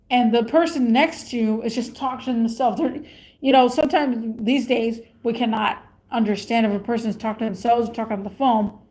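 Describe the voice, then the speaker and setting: A woman's voice: on the high side, a little mellow. A woman vlogger rambling in a casual rant, repeating her questions.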